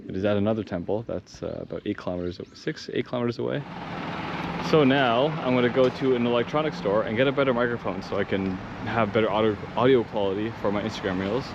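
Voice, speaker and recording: Excitable rambling man, lo-fi vlog audio. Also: fairly low pitch, quick pace. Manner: excitable, rambling, swears, laughs often. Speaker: vlogger. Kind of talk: casual travel vlog. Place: outdoors and in temples while traveling. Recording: dull lo-fi audio with clear background noise.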